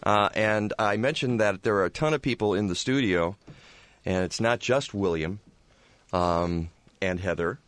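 A man's voice: lowish voice, no room sound. A man hosting a morning radio talk show, chatting casually and joking with his co-host. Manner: lively, halting with fillers and restarts.

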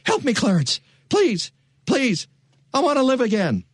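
A man playing an overjoyed small-town family man in a radio play reenactment, shouting near tears. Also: extremely high pitch, huge pitch swings, a little slow, slightly rough, no room sound, clean studio sound, pitched above the performer's own voice, heavily acted. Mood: pleading.

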